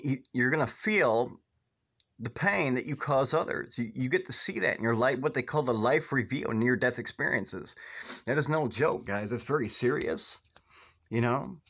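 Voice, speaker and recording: A man speaking in a middle-pitched voice, preaching urgently on his own video and leaning on "guys" and "okay". He repeats himself and rises loud and high when he gets heated. He comes across as an American vlogger. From United States. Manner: urgent, repetitive, often saying "guys" and "okay". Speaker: video host. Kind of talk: preachy casual vlog talk. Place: outdoors in northwest Ohio.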